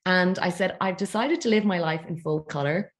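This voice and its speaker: A woman, a feng shui expert chatting as a podcast guest and telling her story with quick asides and laughs. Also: on the low side. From Ireland. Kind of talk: casual interview chat.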